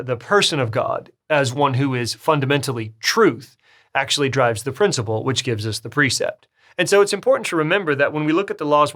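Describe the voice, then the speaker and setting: A man's voice: mid-range voice, fairly bright tone. Man teaching a Bible study lecture. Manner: conversational, with restarts and self-corrections; emphatic, rising on key phrases.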